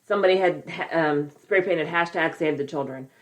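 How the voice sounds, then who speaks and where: A woman's voice: low-pitched, fairly quick. A woman co-hosting a podcast in casual chat, rambling and groping for words, with some swearing. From California. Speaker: podcast co-host.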